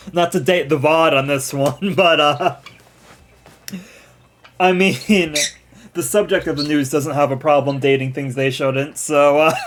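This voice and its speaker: A man's voice: mid-range voice, fairly bright tone. A man giving casual gameplay commentary as a let's play streamer, chatty and laughing often.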